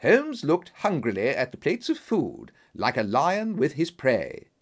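Lively man narrating a story. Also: unhurried. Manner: steady storytelling, animated pitch. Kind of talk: scripted audiobook narration.

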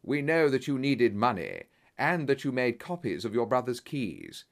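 A man voicing a calm male detective who speaks in a measured, firm way. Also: mid-range voice, creaky. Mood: accusing.

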